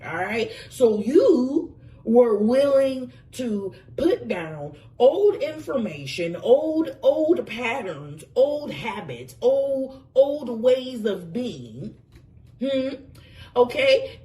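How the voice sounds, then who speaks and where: A woman's voice: a little high, sing-song, slow pace, mellow, distant mic. A woman giving a casual tarot reading, emphatic and effusive, swearing freely and calling the listener pet names. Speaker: tarot reader.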